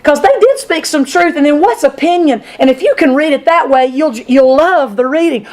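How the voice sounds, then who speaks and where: A woman teaching a women's Sunday school lesson, talking in an animated, conversational way to her class. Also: sits high, a little fast, hardly any pauses. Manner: animated and conversational, acting out Bible speakers. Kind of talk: women's Bible study lesson. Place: church classroom with a group.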